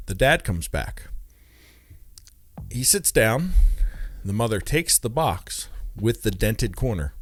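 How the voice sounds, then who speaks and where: Animated man telling a funny story. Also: fairly low pitch, slow pace, long pauses. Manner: chatty, keeps checking in with "right?"; wry, mock-outraged asides. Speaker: comedic storyteller. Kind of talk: casual comedic anecdote.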